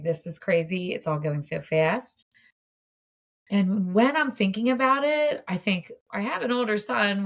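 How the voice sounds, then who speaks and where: Chatty woman coach guiding tapping. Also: fairly low pitch. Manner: casual, chatty, open and self-revealing. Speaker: mindset coach. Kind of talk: guided tapping demonstration.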